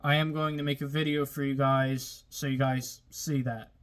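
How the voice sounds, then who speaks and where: Medium-pitched and fairly bright, the man speaks at a moderate pace in a level tone. He's hosting his car-building videos, chatting casually and plainly with viewers and getting a little worked up.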